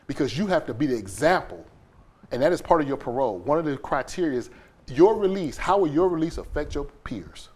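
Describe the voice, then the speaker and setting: A man recounts a personal story as a podcast guest, his voice sitting a little high. He is animated and acts out scenes with quoted lines and sound effects. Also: fairly quick, breathy edge.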